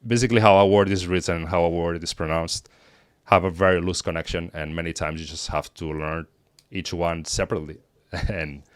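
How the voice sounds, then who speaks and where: Spanish-born man, native Spanish, low resonant voice, dry sound, thoughtful interview guest. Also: fairly even intonation, fairly quick, clear, resonant tone, no room sound. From Spain. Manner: thoughtful, restarts and repeats words while thinking. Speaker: guest, language teacher. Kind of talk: conversational interview.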